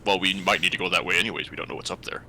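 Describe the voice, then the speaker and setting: A man with a very low voice and a bright, forceful edge talks quickly as a tabletop player. He chats and asks questions in a casual way. Faint noise sits behind his voice. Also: little pitch movement. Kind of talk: casual chat during a tabletop game.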